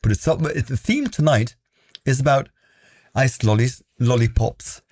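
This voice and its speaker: Man, radio co-host, husky voice, dry studio sound, teasing. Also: mid-range voice, unhurried, darkish tone, dry recording. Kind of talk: casual radio chat.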